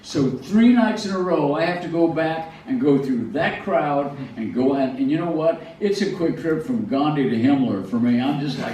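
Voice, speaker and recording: A man's voice: a little high, moderate pace, warm tone, a little hiss or hum. An older man telling personal stories to a live audience, self-deprecating, with frequent stammering restarts. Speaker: speaker at a museum talk. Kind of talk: storytelling talk to an audience. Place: large hall. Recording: far-off echoey hall, dull sound.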